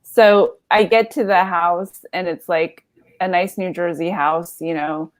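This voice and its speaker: A woman's voice: fairly low pitch, steady tone, unhurried. A woman in her thirties telling a comedy story, rambling and self-deprecating with lots of fillers and laughs.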